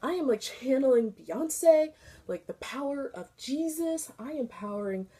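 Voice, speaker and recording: Young woman, vlogger, casual storytelling, high voice, very lively pitch, swears a lot. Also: measured pace, breathy edge. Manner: animated, swears freely, voice climbs high when excited.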